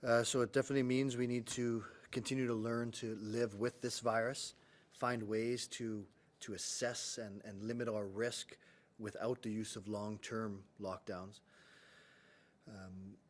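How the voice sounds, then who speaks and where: A man serving as a public health official gives a press briefing update. His voice is low and flat, and he speaks in a steady, matter-of-fact way, often pausing with "uh.". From Canada. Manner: even, matter-of-fact, frequent "uh" fillers.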